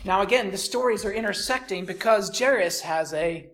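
A preacher delivering a sermon, swinging between raised, emphatic lines and hushed, near-whispered ones, and repeating key phrases for emphasis. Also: mid-range voice, normal speed.

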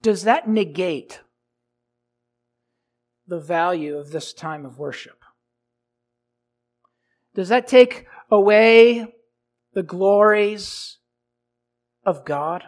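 A male pastor delivering a sermon, asking the congregation rhetorical questions and swinging between loud emphasis and quiet, low lines. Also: drawn-out words, long pauses.

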